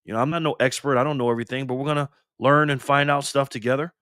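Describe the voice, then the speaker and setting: An older man talks fast and fired up on his own live stream, cursing freely and calling viewers "man" and "brother." His voice is bright and forceful, and the sound is dry and close with no room echo. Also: medium pitch, fairly even intonation, clean tone. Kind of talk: casual live stream talk. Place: garage.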